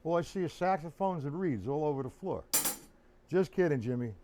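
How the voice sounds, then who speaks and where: A man's voice: on the high side, animated, normal speed, loud music behind the voice. A man teaching rudiments on a live-streamed drum lesson, counting beats aloud and chatting with viewers by name. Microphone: streaming setup. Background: snare drum playing.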